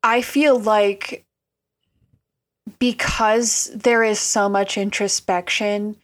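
Woman co-host, casual film analysis, reflective and unhurried. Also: mid-range voice, steady tone. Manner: thoughtful, analytical, drawn-out phrasing. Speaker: podcast co-host.

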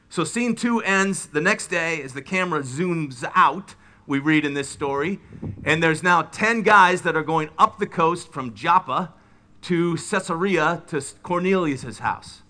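A middle-aged man preaching a sermon, retelling biblical scenes with lively, dramatic delivery. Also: fairly high pitch, unhurried. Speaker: pastor.

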